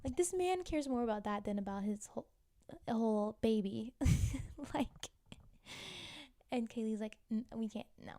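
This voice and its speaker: A chatty woman retells a TV drama as a vlogger, giggling and tossing in asides. Her voice sits a bit high with a soft, mellow tone. The sound is dry and close, with no room around it. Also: a little slow, pauses often, no room sound. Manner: gossipy, giggly, full of "like" and asides. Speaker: TV recap vlogger. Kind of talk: casual chatty recap.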